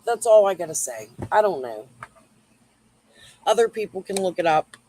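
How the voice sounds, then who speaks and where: A woman's voice: mid-range voice, big pitch swings, normal speed, dark tone, rough recording. A woman hosting a livestream, rambling and swearing while she answers viewers in the chat. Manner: rambling, profane, replying to chat. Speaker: YouTube livestream host. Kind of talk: casual livestream rant.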